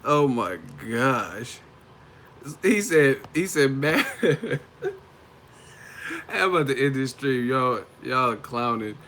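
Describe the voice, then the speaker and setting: A man's voice: mid-range voice, expressive, slow, pauses often, sharp tone, slight background noise. A man on a casual live stream, talking about boxing, often laughing and swearing as he mocks the fighters. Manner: laughs often, profane, mocking impressions.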